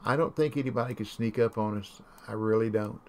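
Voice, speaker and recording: A man's voice: lowish voice, steady tone, a little fast, darkish tone. A man chatting casually while streaming a game, telling folksy, rambling stories. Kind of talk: casual chat while gaming.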